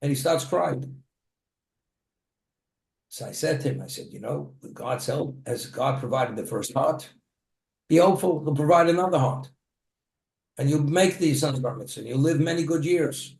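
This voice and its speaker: A man's voice: a little high, expressive, moderate pace, vocal fry, pauses often, darkish tone. Preaching man in an echoey room. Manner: plain-spoken storytelling, with speech restarts. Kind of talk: sermon.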